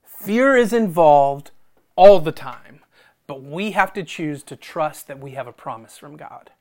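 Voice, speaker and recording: A preacher in full sermon mode, with a voice that lands in the middle of the usual pitch range. They read scripture aloud and comment on it, repeat key phrases for emphasis, and drop from loud, emphatic bursts to almost a whisper. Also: animated, a little slow. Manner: swings between loud emphatic bursts and hushed near-whispers.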